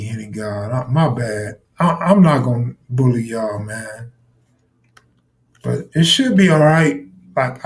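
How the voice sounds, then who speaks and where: Blunt, profane man riffing on a live stream. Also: medium pitch. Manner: blunt, profane, talks back to chat viewers. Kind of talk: casual live stream commentary.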